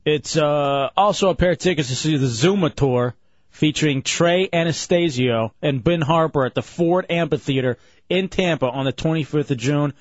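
A man hosting a radio show, chatting casually and joking around, quick to rattle off phone numbers. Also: a little high, no room sound. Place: radio studio. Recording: slightly muffled broadcast audio.

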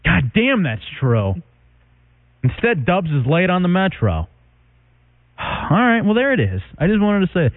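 A man's voice: sits high, very animated, a little slow, long pauses. A man hosting a radio show, brash and teasing, laughing often through the banter. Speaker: radio host. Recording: narrow phone-like radio broadcast.

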